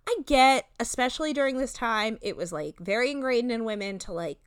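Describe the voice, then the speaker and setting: A woman's voice: fairly high pitch, expressive, fairly quick, clear, resonant tone, dry recording, clean studio sound. A young woman co-hosting a casual podcast, recapping a reality show with lots of fillers and voiced-out quotes. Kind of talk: casual chat.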